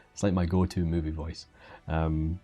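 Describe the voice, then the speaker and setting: A man's voice: rumbling low, mellow, muffled recording. A man chatting casually and jokingly while teaching digital sculpting on a live stream, often restarting his sentences. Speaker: 3D sculpting instructor. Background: faint background music.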